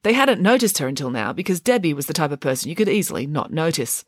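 A woman narrating a children's storybook in an expressive, lively way. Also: low voice, fast talker, dry recording, clean studio sound. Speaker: audiobook narrator.

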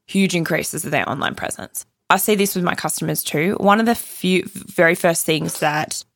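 A woman talks straight into the mic on her solo podcast, her voice low with a gravelly edge. She's blunt, opinionated and swears casually. The sound is close and dry, with no room around it. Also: moderate pace, no room sound. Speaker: podcast host.

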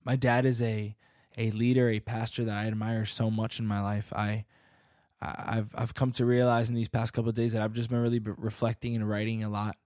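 A man's voice: lowish voice, flat delivery, fairly quick, a little mellow, no echo, clean studio sound. A young man giving an earnest sermon as a youth pastor and worship leader, often restarting his sentences as he searches for words.

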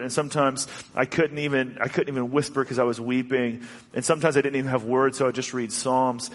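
A man preaching a sermon in an earnest, halting way, often restarting his sentences. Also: medium pitch. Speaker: pastor. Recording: long hall reverb.

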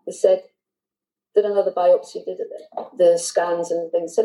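A woman's voice: mid-range voice, steady tone, normal speed, mellow, rough recording. A middle-aged woman telling a personal story to a host in candid, heartfelt speech that halts and restarts now and then. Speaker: guest.

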